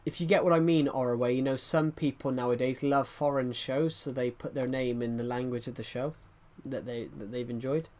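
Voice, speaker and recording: A man's voice: medium pitch, steady tone, moderate pace, hardly any pauses, darkish tone. A man chatting casually on a live stream, rambling and often restarting his sentences as he answers chat. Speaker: livestreamer reading chat.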